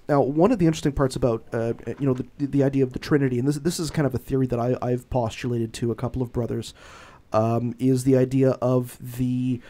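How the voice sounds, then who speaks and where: Halting mellow-voiced podcast host. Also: male voice, medium pitch, steady tone. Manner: halting, many fillers and restarts. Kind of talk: casual podcast conversation.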